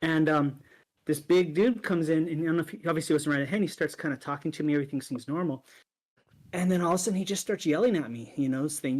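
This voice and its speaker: A man in a relaxed podcast conversation, recounting an encounter with lively storytelling energy. His voice sits a touch high for a man, and he slips into other people's lines as he talks. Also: fast talker. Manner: animated storyteller, acts out quoted voices. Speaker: podcast co-host. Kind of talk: casual storytelling chat.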